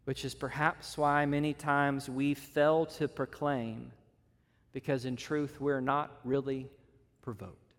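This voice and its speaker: A man's voice: medium pitch, level tone, takes it slowly. Earnest man preaching in an echoing hall. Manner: earnest, builds repeated phrases and lists. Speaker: pastor. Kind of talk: sermon. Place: church meeting room. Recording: long reverb of a hall.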